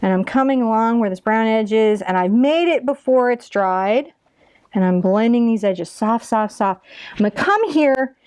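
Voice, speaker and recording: A woman with a slightly high voice leads a beginner painting lesson, chatting warmly and encouraging her viewers as she works. She talks through every stroke in a casual, friendly way. The sound is close and dry, with no room echo. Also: animated, normal speed, clean tone. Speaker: painting teacher. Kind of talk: step-by-step painting tutorial.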